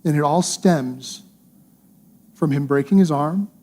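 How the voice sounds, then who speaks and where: Earnest, mellow-voiced male preacher. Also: fairly high pitch, slow pace. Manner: earnest, conversational preaching with emphatic repetition. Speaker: pastor. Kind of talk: sermon.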